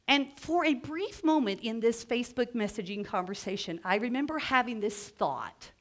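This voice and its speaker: A middle-aged woman and agency founder telling a personal story to students in an animated, lively way, often laughing. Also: a little high, moderate pace. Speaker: guest speaker, agency founder and executive. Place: lecture event before a student audience.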